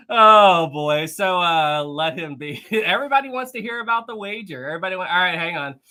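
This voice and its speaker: Bright-voiced, excitable live stream host. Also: medium pitch, fairly quick. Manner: excitable, chatty, laughs often, rambling asides. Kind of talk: casual live stream chat, reading out chat messages.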